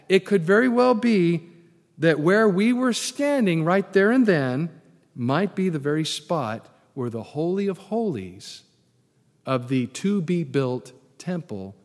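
A male pastor preaching a sermon, telling stories in an animated, emphatic way. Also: fairly high pitch. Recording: long hall reverb.

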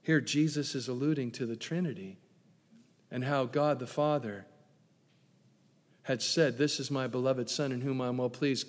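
A man preaching a sermon as pastor, playful and animated, dropping to hushed tones for emphasis. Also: medium pitch. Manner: animated, playful asides with sudden hushed drops. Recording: long echo of a large hall.

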